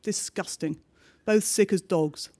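A man with a notably high voice reads a bleak diary-style story aloud. His delivery is measured and understated, with each entry set down plainly. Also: a little mellow. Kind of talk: scripted narration of a diary story.

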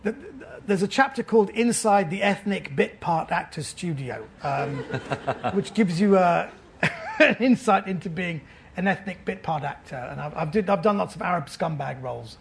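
A man with a London accent telling a comic anecdote on stage at a festival, animated, with stammered restarts. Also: sits high, moderate pace, vocal fry, a little hiss or hum. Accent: London English. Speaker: author and comedian guest. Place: festival venue before a laughing audience.

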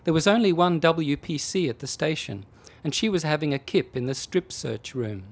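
A man reading a comic short story aloud with dry, expressive delivery. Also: fairly high pitch, normal speed.

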